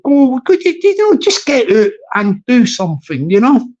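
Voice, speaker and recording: A man's voice: extremely high pitch, wildly swooping pitch, moderate pace, a little mellow, muffled recording. A Scottish man live-streaming from his phone, chatting jokily in a put-on American accent and repeating his phrases. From Scotland. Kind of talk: casual live-stream chat.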